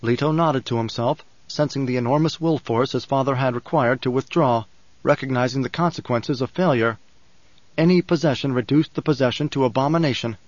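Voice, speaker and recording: Man narrating an audiobook, measured delivery. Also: mid-range voice, dry recording. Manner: measured, dramatic reading. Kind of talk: scripted narration. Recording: dull, dry recording.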